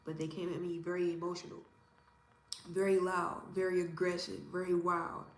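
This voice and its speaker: Calm, self-assured woman in her thirties. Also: lowish voice, moderate pace. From Indiana, USA. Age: 30s. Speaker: interviewee. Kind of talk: casual opinion interview. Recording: roomy echo with faint ambience.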